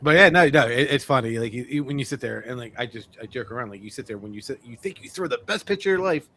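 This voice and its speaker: A man co-hosting a casual podcast chat, excitable and quick to laugh. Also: medium pitch, slight background noise. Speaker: podcast host.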